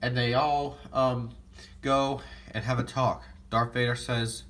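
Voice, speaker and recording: Rambling, excitable young man talking movies. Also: medium pitch, slow pace. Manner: enthusiastic, rambling, self-corrects often. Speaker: movie vlogger. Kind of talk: casual movie talk to camera.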